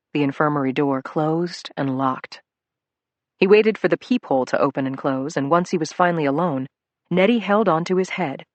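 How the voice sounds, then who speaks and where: An audiobook narrator telling a crime story in a measured, dramatic way on a close studio microphone. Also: mid-range voice, dry recording.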